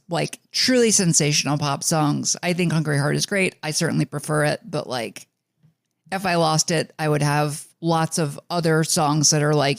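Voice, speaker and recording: A man's voice: a little high, creaky, no echo, studio quality. A man from the New York suburbs co-hosting a music podcast in a rambling casual chat, full of fillers and restarts. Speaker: podcast co-host.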